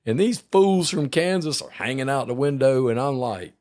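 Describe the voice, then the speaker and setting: A man hosting a casual podcast, telling a lively story, laughing and acting out the voices of people in it. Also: mid-range voice, moderate pace, few pauses. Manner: laughs along, acts out voices in his stories. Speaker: podcast host. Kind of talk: casual conversation, animated storytelling.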